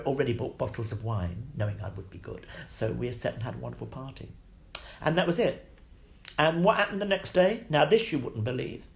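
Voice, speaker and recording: Older actor, gravelly, mid-pitched; lively interview raconteur who swears freely. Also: male voice. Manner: lively, swears freely, laughs between stories. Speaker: guest actor. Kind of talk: anecdotal interview storytelling.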